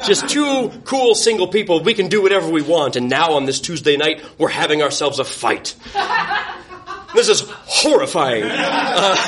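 A man's voice: on the high side, a bit bright, slight background noise. A young man on a podcast, wryly telling a self-mocking personal story and laughing through it. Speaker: podcast guest.

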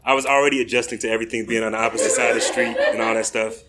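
A man's voice: medium pitch, steady tone, very fast, a loud crowd. A young American man hosting a podcast, telling a story in a laid-back way with many fillers and laughs. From United States. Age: young adult. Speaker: podcast host. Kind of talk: casual storytelling.

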